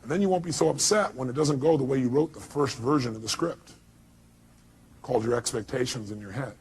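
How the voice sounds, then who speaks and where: A man's voice: mid-range voice, brisk, a little mellow, breathy edge. A man giving a live motivational seminar talk, speaking emphatically and bluntly and firing rhetorical questions at the audience. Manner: blunt, occasional profanity.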